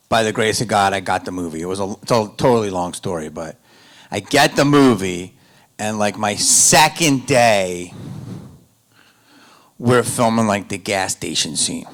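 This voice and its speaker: A comedian talks on a convention stage, his voice bright and ringing as he tells a rambling story. He drifts from loud joking asides down to low, confiding storytelling, and his speech stays loose and casual. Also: measured pace, pauses often. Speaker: panel guest, actor and comedian. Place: convention panel room.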